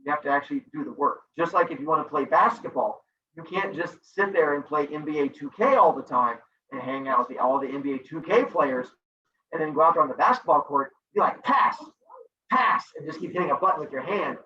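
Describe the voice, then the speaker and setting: A man's voice: fairly high pitch, fast. A man teaching a middle school class online, joking with students and acting out silly voices as he reviews. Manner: animated, jokey, acts out silly voices. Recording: echoey, distant, dull video-call audio with faint noise.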